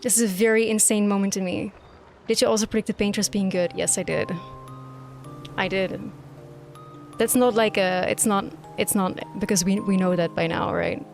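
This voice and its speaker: A woman's voice: mid-range voice, fairly even intonation, normal speed, vocal fry. A woman streamer reacting live to a game, ranting emphatically and swearing freely. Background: quiet game music.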